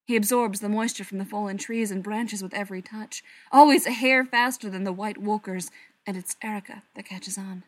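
Woman, story reader, soft voice, slips into whispers. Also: mid-range voice, steady tone, a little fast, no room sound. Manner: soft, often drops into a whisper. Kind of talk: reading a story aloud.

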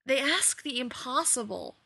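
A woman's voice: high-pitched, lively intonation, a little slow, gravelly, pushed and bright, husky, no echo, voice pushed up, full character voice. A woman reading the part of a sarcastic, self-important, fretful man elf in a storybook tale. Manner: exasperated, sarcastic.

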